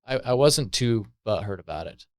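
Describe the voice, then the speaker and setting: A low-voiced man tells his recovery story on a podcast, earnest and thoughtful, often pausing on fillers. The sound is dry and close, with no room echo. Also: lively intonation, darkish tone. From Colorado, USA. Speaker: podcast guest. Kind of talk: personal recovery story, conversational.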